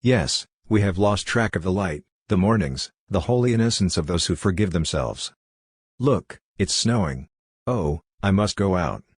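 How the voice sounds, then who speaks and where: A man reading a literary novel aloud as a first-person monologue, in a measured, deliberate way. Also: sits low, animated, breathy edge, no echo, clean studio sound. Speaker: audiobook reader. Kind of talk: literary audiobook narration.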